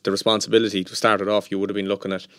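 An Irish pundit weighs in on football in a radio studio, steady and measured. His voice is low and even in pitch. The sound is dry and close. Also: clear, resonant tone, no room sound.

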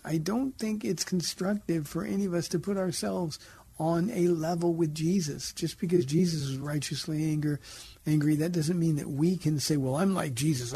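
A pastor hosts a radio call-in show and answers listener questions in an earnest, conversational way. His voice sits fairly high, with a mellow, dark tone and a very husky, rough texture. He speaks from a studio.

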